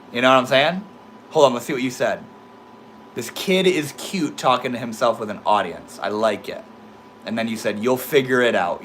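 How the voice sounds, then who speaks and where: A man's voice: mid-range voice, a bit bright, a little hiss or hum. A young man with a slight lisp, talking casually to his livestream chat, laid-back and swearing freely. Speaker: livestream host reading chat.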